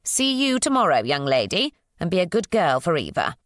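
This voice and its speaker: A woman voicing an elderly, kindly housekeeper with warm, proper, old-fashioned phrasing. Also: fairly low pitch, huge pitch swings, moderate pace, no room sound, studio quality. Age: older.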